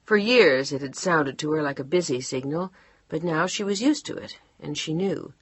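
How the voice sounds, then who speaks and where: Female audiobook narrator, low and husky, measured, dry studio read. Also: expressive, no echo. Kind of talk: scripted narration.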